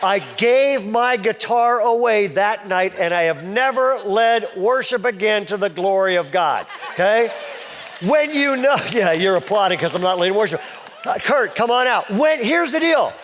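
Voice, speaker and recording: Male pastor, high voice, chatty self-mocking storyteller, sermon on stage. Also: animated, moderate pace, a bit bright, slight background noise. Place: church stage before a live congregation.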